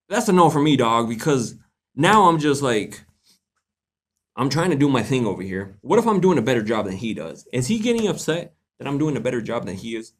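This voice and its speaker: A man's voice: mid-range voice, big pitch swings, fairly quick. A young man hosting a live question-and-answer stream, chatting casually in a laid-back, joking, slangy way and laughing often. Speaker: livestream host answering viewer questions.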